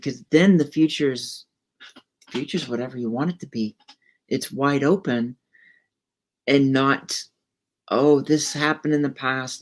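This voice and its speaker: Musing podcast host with a low woman's voice. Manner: musing, storytelling, with restarts. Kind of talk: casual conversation.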